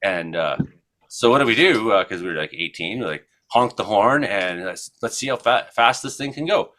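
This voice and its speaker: A man's voice: lowish voice, expressive, normal speed, sharp tone. A man in his forties from Ontario, co-hosting a casual radio chat show and rambling through news items and stories with many fillers. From Ontario, Canada. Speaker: co-host. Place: radio studio.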